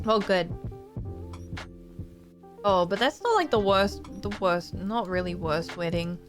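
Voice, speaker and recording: A woman's voice: lowish voice, lively intonation, slow pace. A young woman streaming live, telling stories in a casual, chatty way and now and then acting out the people in them. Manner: chatty, laughing, acts out quoted people. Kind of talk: casual storytelling chat. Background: faint music.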